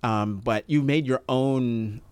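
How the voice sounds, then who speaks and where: A man's voice: medium pitch, takes it slowly, darkish tone, clean tone, no echo. Hesitant male interviewer, dry sound. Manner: prompting, hesitant, with fillers and restarts. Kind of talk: conversational interview.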